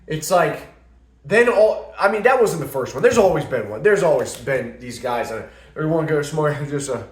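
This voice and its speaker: A man's voice: on the high side, normal speed, faint music behind. Young male vlogger, loose storyteller who acts out what people said, roomy echo on the mic. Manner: rambling, animated storytelling with quoted asides. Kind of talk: casual monologue to camera. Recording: echoey room.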